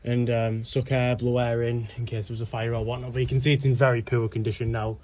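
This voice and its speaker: A young man's flat, medium-pitched voice moves at a quick pace as he walks and explores old ruins on a windy hillside, rambling chattily with frequent ums and whatnots and a little breathlessness. His tone is slightly mellow, and the noisy outdoor camera audio has its highs cut off.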